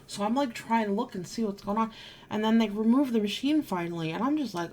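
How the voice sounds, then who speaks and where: An adult married woman vlogs to camera, telling a personal story in an emphatic, exasperated way and swearing now and then. Her voice is on the high side and a little mellow, and she talks fast.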